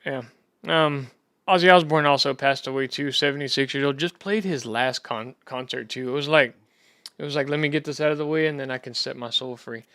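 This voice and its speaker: A man's voice: medium pitch, fairly quick, bright, forceful tone, clear, resonant tone, no echo, clean studio sound. A young Texan man hosting a sports podcast, chatting loosely with a rambling, profane manner. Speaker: podcast host. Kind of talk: casual chat.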